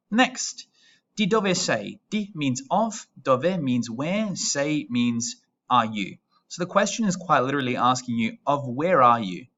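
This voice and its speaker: Australian man, twenties, Italian teacher, patient step-by-step explaining, crisp bright tone, muffled screen-recording mic. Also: medium pitch. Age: 20s. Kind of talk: recorded classroom lesson.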